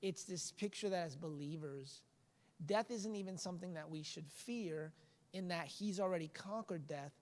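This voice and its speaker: A man's voice: sits high, moderate pace, in a large hall. A man who is a pastor talks in a casual podcast discussion. He is earnest and a bit preachy, and he often restarts his sentences.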